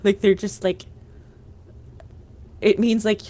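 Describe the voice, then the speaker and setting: A woman's voice: mid-range voice, sing-song, measured pace, a little mellow. A woman livestreamer chatting casually with viewers, rambling and sometimes trailing off into whispers.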